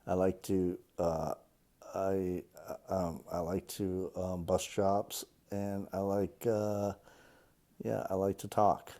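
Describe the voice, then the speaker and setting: A fifty-year-old man with a Boston accent, reading a passage and answering interview questions with many ums and pauses. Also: sits low, flat delivery, warm tone. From Cape Cod, Massachusetts. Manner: hesitant, many ums and uhs.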